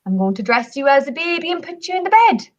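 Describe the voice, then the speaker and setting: An Irish woman voicing a giant's calm, clever wife in a folk tale, poised and reassuring. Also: high-pitched, fast talker, lo-fi sound.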